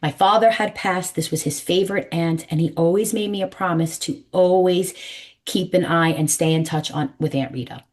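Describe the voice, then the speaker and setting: A woman in her forties with a New York accent, a numerologist guest telling her story in a podcast interview, emphatic and animated, acting out the voices she quotes. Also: lowish voice, moderate pace. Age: 40s.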